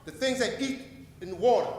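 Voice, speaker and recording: High-voiced fervent man in an echoing hall. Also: expressive, brisk. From Paterson, New Jersey. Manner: fervent, rambling, with sudden rises and drops in loudness. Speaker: public commenter at a city council meeting. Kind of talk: impassioned public comment, preacher-like. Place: city council chamber. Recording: echoey council chamber with long reverb.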